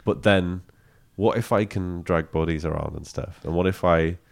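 A man hosting a casual interview, animated and swearing freely as he tells stories. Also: sits low, moderate pace, creaky. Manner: animated, swearing, laughs often. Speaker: podcast host.

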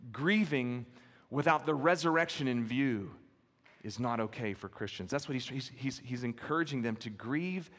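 A pastor preaching an expository sermon, with an earnest, emphatic storytelling manner and key phrases repeated for weight. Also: male voice, medium pitch. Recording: long hall reverb.

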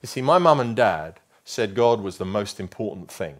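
A man delivers a sermon in a fairly low voice. He is emphatic and stretches out his key phrases slowly for weight. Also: animated. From England. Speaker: preacher.

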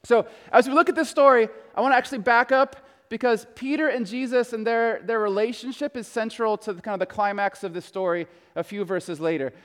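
A male pastor preaching a sermon, telling the story in a conversational way that swings between hushed and emphatic. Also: very high voice, fairly even intonation, brisk, hardly any pauses, long reverb tail.

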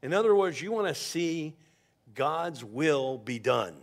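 A male pastor preaching in an easy, conversational way, trading stories as he teaches from scripture. His voice sits a little high for a man and carries a gravelly edge, and he often stumbles into restarts. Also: big pitch swings, measured pace. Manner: conversational preaching with personal stories and repeated starts. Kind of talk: sermon.

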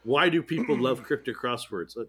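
A man's voice: medium pitch, normal speed, a crowd in the background. A man co-hosting a podcast, joking around and reading trivia aloud in a casual, irreverent way. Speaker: podcast co-host. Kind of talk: casual chat.

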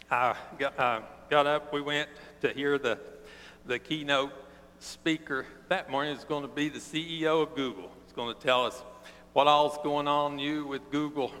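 A man preaching a sermon, telling a personal story in an earnest, plainspoken way and slowing down for emphasis. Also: on the high side, bright, forceful tone. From East Tennessee. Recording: long reverb of a large hall.

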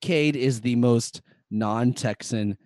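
A man co-hosting a laid-back movie podcast, his voice sitting at an ordinary middle pitch. He rambles through film trivia with plenty of ums and restarts. The sound is close and dry, with no room around it. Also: slow pace, a little mellow, no echo. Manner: rambling, trivia-sharing, frequent fillers. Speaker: podcast co-host. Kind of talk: casual movie-review chat.

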